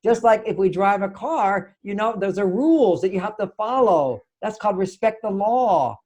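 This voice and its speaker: A man's voice: high-pitched, normal speed. An older man, a relationship author, telling stories animatedly in an interview and acting out both sides of the conversations. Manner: lively, acts out both sides of conversations, laughs often.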